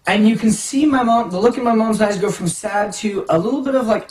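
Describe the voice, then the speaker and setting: A lively storyteller recounts a comic childhood tale, dropping to hushed tones and then bursting into excited highs. The voice moves a lot in pitch. It sounds roomy and a little distant from the mic. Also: brisk, few pauses. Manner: animated, dramatic swings from hushed to excited. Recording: echoey room, distant mic, faint music.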